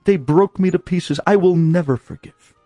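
A man voicing a hurt, stubborn young bride in a story, speaking quietly and resentfully. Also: sits high, normal speed, dry recording, faint music behind, pitched above the performer's own voice. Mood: bitter.

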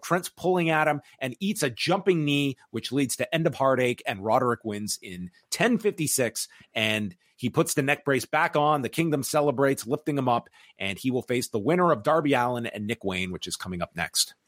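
A man's voice: medium pitch, lively intonation, normal speed, few pauses, no room sound. Matter-of-fact man recapping, dry mic. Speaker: wrestling podcast host. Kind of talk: match recap and discussion.

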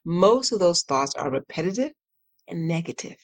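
A woman coach guesting on a podcast, speaking in a lively, animated way, laughing often and acting out her inner voice in playful high tones. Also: normal speed, no room sound. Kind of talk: casual podcast interview.

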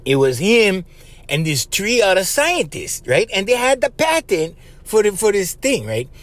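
A man hosts his podcast in a loose, animated monologue, his voice sitting high and bouncing all over. He talks in a conspiratorial, buddy-to-buddy way, and the sound is dry and close to the mic. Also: a little slow, dry recording. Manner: animated and conspiratorial, tags lines with "bro" and "right?". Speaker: podcast host. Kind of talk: casual rambling monologue.

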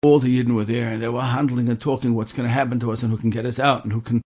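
A man's voice: mid-range voice, fairly even intonation, racing, a little mellow, breathy edge. A man telling an inspirational religious story in an earnest way, repeating points for emphasis.

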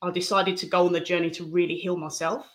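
A woman speaking candidly and reflectively as an interview guest, giving a personal testimony with soft laughs. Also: on the low side, little pitch movement, fast talker.

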